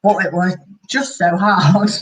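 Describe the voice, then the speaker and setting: A woman's voice: lowish voice, steady tone, a little slow, far from the mic, slight background noise, poor audio. A younger woman co-hosting a casual live chat over a video call, frank, laughing and self-mocking. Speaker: co-host.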